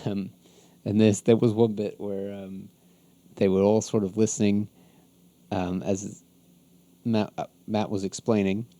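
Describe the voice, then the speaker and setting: A man's voice: on the low side, level tone, unhurried, pauses often, warm tone. A man hosting a podcast, recapping an episode in a casual, rambling way with many ums and frequent chuckles. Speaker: podcast host.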